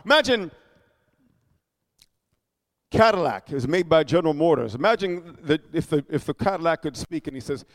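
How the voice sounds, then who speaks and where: Preacher, male, high voice, emphatic sermon delivery, long hall reverb. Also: lively intonation, normal speed, gravelly, pauses often. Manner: emphatic, calls for amens, swings from shouting to hushed.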